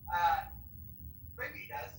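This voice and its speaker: A man in casual live audio-room banter, loud, joking and taunting. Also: slow. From Nebraska. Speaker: room participant. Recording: roomy, distant, faint hiss.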